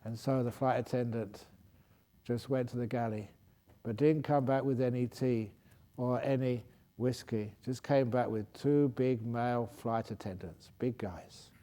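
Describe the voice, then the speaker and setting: A man's voice: medium pitch, steady tone, unhurried, dark tone. A man, a Buddhist monk, telling a joke during a talk in a playful way, laughing at his own story and stopping to fix it. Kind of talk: humorous dharma talk with a joke.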